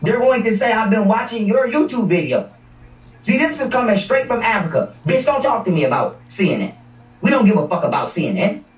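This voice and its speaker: Hosting a livestream, a man rants in a combative, profane way, repeating words to hammer his points. His voice is high, sing-song and a little fast, with soft music behind him and a distant mic in an echoey room.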